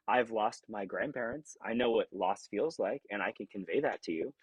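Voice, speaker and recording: A man with a low, somewhat husky voice speaks as a podcast guest, earnest and reflective. Every so often he acts out remembered thoughts with sudden leaps in pitch. The sound is dry and close, with no room around it. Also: normal speed, dry recording, rough recording. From California. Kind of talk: conversational interview.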